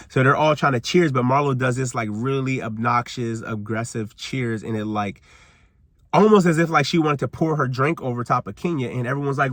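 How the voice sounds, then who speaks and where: A man's voice: mid-range voice, a little fast, no echo. Rambling man recapping a TV episode. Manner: rambling, heavy on "like" and "you know". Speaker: TV recap vlogger. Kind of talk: casual reality-TV recap rant. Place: outdoors. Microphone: camera he is holding or propping up.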